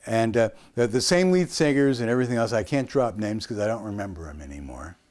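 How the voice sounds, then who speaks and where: A man's voice: fairly low pitch, expressive, quick pace, darkish tone. A man in his sixties from the United States, telling a rambling story as an interview guest, with frequent hesitations and restarts.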